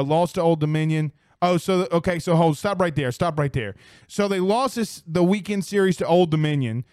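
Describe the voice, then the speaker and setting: A man's voice: fairly high pitch, darkish tone, clear, resonant tone, no room sound, clean studio sound. A young man hosting a casual sports podcast, exclaiming and swearing as he reads viewer comments. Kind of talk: casual live-stream chat.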